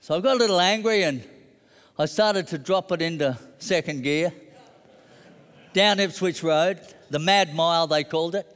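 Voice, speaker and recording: Aussie preacher guy, middle-aged, tells stories then gets fired up, highish voice, long hall echo. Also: normal speed, fairly bright tone, clear, resonant tone. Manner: conversational storytelling, rising to emphatic declarations. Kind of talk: sermon with personal story.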